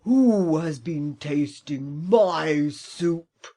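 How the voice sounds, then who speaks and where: A woman voicing a great big, cross father bear in a storybook reading, speaking slowly and booming. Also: lively intonation, dark tone, exaggerated voice.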